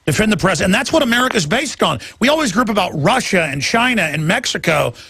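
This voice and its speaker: A man's voice: high-pitched, sing-song, fast, gravelly, sharp tone, slightly rough, no echo. A man hosting a talk radio show, delivering heated, emphatic commentary.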